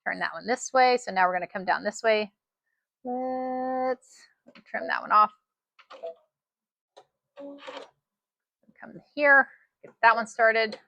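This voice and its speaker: A woman giving a casual sewing machine demonstration, chatty and excitable, repeating her phrases as she works. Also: a little high, slow, vocal fry, long pauses, dry recording. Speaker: sewing instructor.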